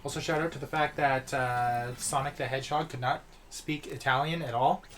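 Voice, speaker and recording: A co-host in a casual gaming chat, knowledgeable and quick in bursts. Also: mid-range voice, fairly even intonation, fairly bright tone, soft background music.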